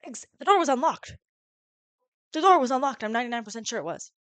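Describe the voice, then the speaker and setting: A woman's voice: high-pitched, fast, no room sound. A young woman in her twenties, a podcast co-host, telling a story casually with lots of swearing and acted-out quotes. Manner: animated storyteller, swears often, acts out quotes.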